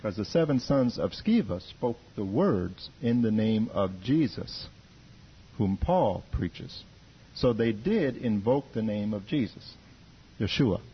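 Husky raspy guy, pitch jumps all over, earnest church talk, muffled recording. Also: takes it slowly. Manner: lively, earnest, repeats words while thinking. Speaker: church member. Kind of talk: testimony in group discussion.

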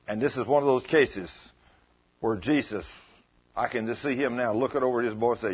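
A man preaches a sermon, telling stories with emphasis in a folksy manner. His voice is medium-pitched, fairly quick and slightly rough, and the recording sounds dull and lo-fi.

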